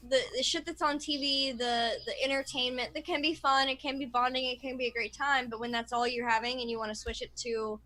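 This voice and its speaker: Female co-host, bright and fairly high, lively and blunt. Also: brisk, hardly any pauses, rough recording. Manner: animated, swears freely. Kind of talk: casual panel chat.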